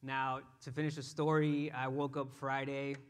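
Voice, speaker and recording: Male pastor, average pitch, relaxed conversational sermon with fillers, livens up when telling his story. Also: moderate pace, clear, resonant tone.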